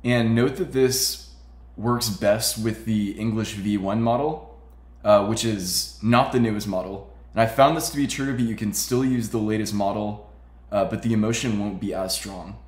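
A man hosting a casual tech tutorial, explaining steps in a relaxed way with frequent fillers. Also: on the low side, normal speed, echoey room. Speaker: tutorial host.

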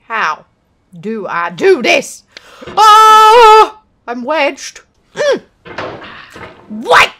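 A woman gamer at home giving frustrated commentary on a game, swearing and shouting often. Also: on the high side, sing-song, takes it slowly. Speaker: let's play gamer.

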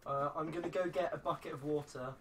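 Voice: mid-range voice, fast. Chatty streamer on a distant mic. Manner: chatty, gives loud excited outbursts. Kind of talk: casual gaming chat. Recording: distant mic with steady background noise.

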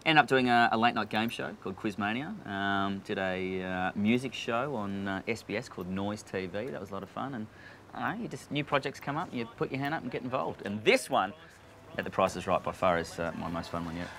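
A man's voice: a little fast, gravelly, slight background noise. A man, a game show announcer, chatting casually and jokily in an interview at a coffee shop, now and then switching into a big announcer voice. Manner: relaxed, jokey, slips into booming announcer delivery.

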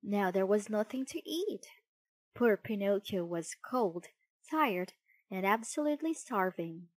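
A woman narrating a children's storybook in an expressive, unhurried way. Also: medium pitch.

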